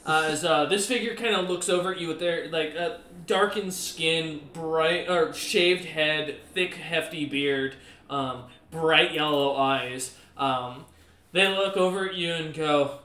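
A man's voice: on the high side, measured pace, bright, forceful tone, roomy sound. A man narrating a tabletop game as game master, loosely, with many ums and fillers.

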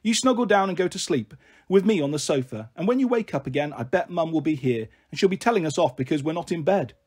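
A man's voice: a little high, expressive, fast talker, darkish tone, husky. A man voicing a protective big-sister girl who spins playful, coaxing fairy stories in a storybook reading.

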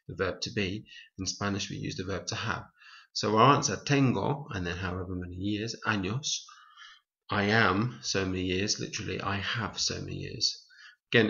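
A man's voice: fairly low pitch, creaky, bright, forceful tone. A man teaching a Spanish lesson over slides, explaining step by step and correcting his own slips as he goes. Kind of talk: slide-based language lesson. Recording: dull, lo-fi recording.

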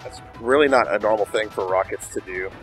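A man's voice: fairly low pitch, brisk, faint music behind. A young man co-hosting a game playthrough, cheering, swearing and heckling in casual banter. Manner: excitable, profane, cheering and heckling. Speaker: co-host watching a playthrough. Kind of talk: casual let's-play banter.

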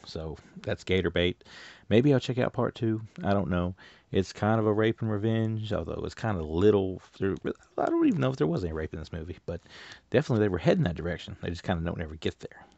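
Deep gravelly guy rambling thru a movie review, dry dull lo-fi audio. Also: animated, fast, dark tone, dry recording. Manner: rambling, loose delivery with many filler words. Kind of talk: casual spoken movie review.

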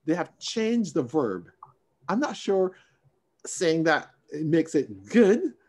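A Sunday school teacher with a fairly high voice leads a Bible study over a video call, speaking slowly. He's expressive and emphatic, raising his voice to stress points before slipping into quiet asides.

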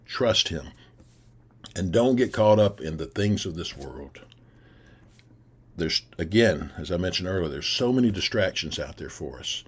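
A man's voice: deep voice, lively intonation, a little slow, long pauses, slightly rough. A man preaching an earnest, encouraging sermon for a recorded video, repeating his key phrases. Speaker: pastor. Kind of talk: recorded sermon to a youth camp.

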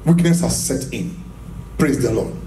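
A man with a medium-pitched, expressive voice delivers a charismatic sermon at a measured pace, crowd noise around him. Captured from afar in an echoey church hall, he stresses and repeats phrases, laughs frequently and poses rhetorical questions to the audience.

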